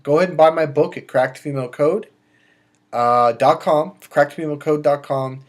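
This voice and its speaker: A middle-aged man, a dating coach, giving emphatic advice straight to camera, swinging between loud bursts and quiet asides. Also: a little high, a little fast. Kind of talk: direct-to-camera advice monologue.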